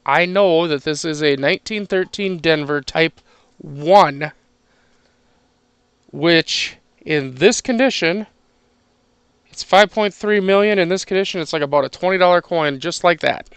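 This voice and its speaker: A man's voice: fairly high pitch, unhurried, a bit bright, smooth, no room sound. A man chatting casually while sorting through coins, easygoing and chatty, chuckling between remarks. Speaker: coin collector streaming a penny hunt.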